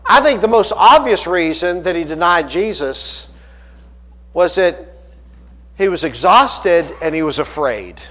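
Pittsburgh guy preaching, high voice that swoops all over, folksy and animated. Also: unhurried, in a large hall. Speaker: pastor. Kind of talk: sermon.

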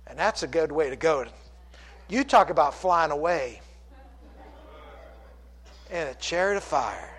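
A man's voice: a little high, fairly bright tone. A man preaching a sermon with passion, retelling scripture and speaking God's lines in his own voice. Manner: impassioned, paraphrasing scripture in God's voice. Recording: long hall reverb.

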